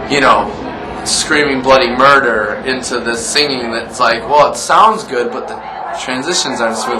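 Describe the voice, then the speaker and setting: A man who sings metal explains his technique, a little hesitant. The room rings noticeably and clear noise sits behind him. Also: medium pitch. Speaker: metal vocalist. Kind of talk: casual interview. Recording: roomy, noisy interview.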